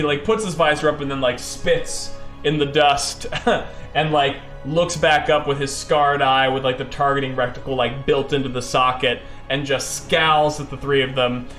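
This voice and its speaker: Casual solo game narrator, male, a bit high-pitched, rambling delivery. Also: little pitch movement, normal speed, a bit bright, echoey room, soft background music. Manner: loose, rambling with many fillers.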